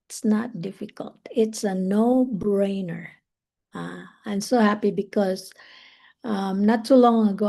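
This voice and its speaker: Gravelly-voiced woman teaching English phrases. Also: mid-range voice. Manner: relaxed, thinking aloud with fillers and restarts, slowing down to stress phrases. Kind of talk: live-streamed English lesson.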